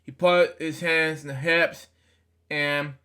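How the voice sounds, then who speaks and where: A man reads a children's storybook aloud, stumbling and restarting words and tossing in casual comments as he turns pages. His voice is bright and a little high, and he takes it slowly. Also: steady tone, smooth. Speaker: storybook reader. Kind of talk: reading a children's book aloud with asides.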